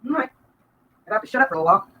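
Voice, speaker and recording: A woman, venting bluntly and rapidly during a live-stream vlog, breaking into laughter now and then. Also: medium pitch, animated, sharp tone, lo-fi sound, slight background noise. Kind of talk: rambling live-stream rant.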